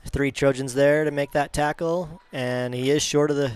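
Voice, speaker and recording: A man giving color commentary on a high school football game in a relaxed, analytical way. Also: normal speed, smooth, no room sound.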